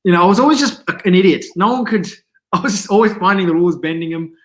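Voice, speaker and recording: A man, a comedian guest in a casual interview, telling animated anecdotes and laughing often. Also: high-pitched, quick pace. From Australia.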